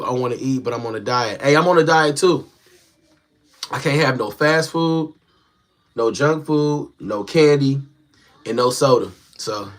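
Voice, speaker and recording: A man's voice: medium pitch, fairly bright tone. Young man, laid-back slangy live-stream chat, talks straight to viewers, phone mic in a small home room. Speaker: livestreamer reading viewer comments.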